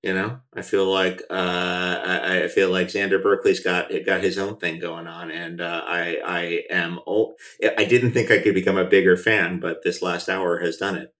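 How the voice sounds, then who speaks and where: A man's voice: low-pitched, little pitch movement, moderate pace, few pauses. A man hosting a podcast interview, admiring and hesitant, with many fillers. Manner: warm fan, hesitant with fillers. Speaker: podcast host. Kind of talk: casual interview chat.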